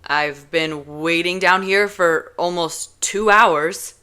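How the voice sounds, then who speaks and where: A woman voicing an impatient, blunt young man in a storybook reading, speaking slowly and loudly with annoyance. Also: low-pitched, steady tone, clean tone. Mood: irritated. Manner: slow, loud, annoyed.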